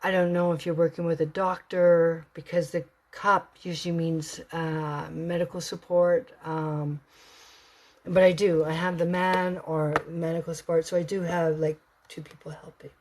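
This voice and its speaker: A woman doing a live tarot card reading for someone, expressive and swinging between excited bursts and hushed whispers. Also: lowish voice, moderate pace. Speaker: tarot reader.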